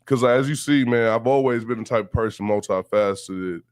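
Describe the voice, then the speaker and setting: A man's voice: mid-range voice, normal speed, no room sound, studio quality. A man from Houston with a Southern accent, telling stories in a laid-back, profane interview chat and laughing often. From Houston, Texas. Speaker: guest. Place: radio station studio.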